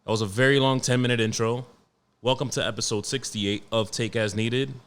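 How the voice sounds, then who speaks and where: A man in his late twenties hosting a podcast alone, talking in a profane, rambling, animated way. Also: medium pitch, a little fast, clear, resonant tone. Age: 20s. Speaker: podcast host. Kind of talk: casual solo podcast rant.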